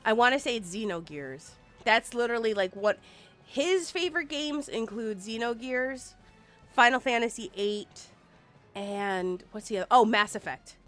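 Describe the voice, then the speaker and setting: A woman's voice: fairly high pitch, moderate pace, fairly bright tone. A woman in her forties, a game streamer, chatting casually and swearing now and then while she plays. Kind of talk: casual live-stream chat. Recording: faint music behind.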